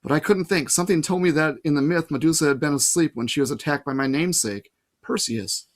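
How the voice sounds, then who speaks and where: A man reading a novel aloud in a casual way, pausing to add his own comments. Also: on the high side. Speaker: reader. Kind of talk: audiobook reading with asides.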